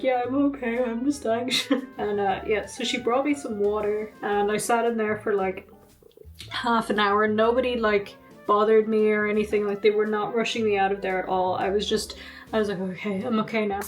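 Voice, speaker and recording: A young woman vlogging in a casual, chatty way, laughing often and poking fun at herself. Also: medium pitch. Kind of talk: casual vlog chat. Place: at home.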